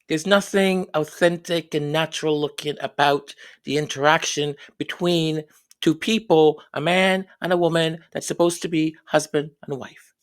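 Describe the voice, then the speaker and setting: A woman hosting solo royal commentary, sarcastic and mocking, who mimics others in quick quoted asides and repeats words for effect. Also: low-pitched.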